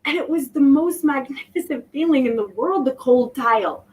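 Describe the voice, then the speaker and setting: High-voiced woman, reflective and halting. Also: a little mellow. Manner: reflective, halting, restarts often. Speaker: guest. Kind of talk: personal story in an interview. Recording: voice distant from the mic.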